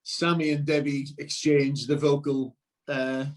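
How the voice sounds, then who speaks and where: A middle-aged man, telling a lively story as a guest and acting out what people said. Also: a little high, measured pace. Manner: animated, acts out quotes loudly. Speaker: musician guest, husband. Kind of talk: casual storytelling.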